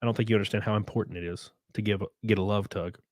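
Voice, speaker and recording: A man's voice: on the low side, fairly even intonation, rapid-fire, a little mellow, dry recording. A man with a Southern US accent chatting casually on a live stream, reading chat aloud, swearing freely and laughing often.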